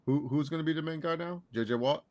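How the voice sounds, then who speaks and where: Animated young man riffing on football. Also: on the high side, fast talker, lo-fi sound. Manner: animated, swears, mimics commentators. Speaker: podcast co-host. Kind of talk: casual sports chat.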